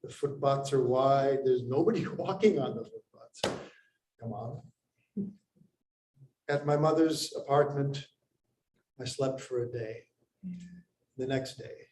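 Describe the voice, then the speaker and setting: Man from India, storyteller, pausing, unhurried, roomy sound, faint noise behind. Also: medium pitch. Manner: unhurried, pausing, with lively acted quotes. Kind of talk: personal story told to an audience.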